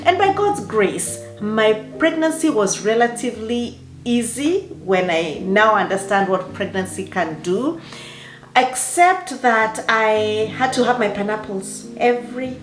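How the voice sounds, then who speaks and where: A woman, a life coach telling her personal story in an expressive way, with dramatic exclamations. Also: a little high, slow. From Africa. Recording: roomy echo with faint background music.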